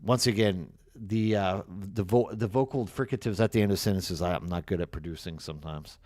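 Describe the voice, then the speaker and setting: A man's voice: low voice, a little fast, darkish tone, no echo, studio quality. A man with an East Texas accent, streaming and chatting casually, rambling and reading chat aloud. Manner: rambling, reads chat aloud, trails off and restarts.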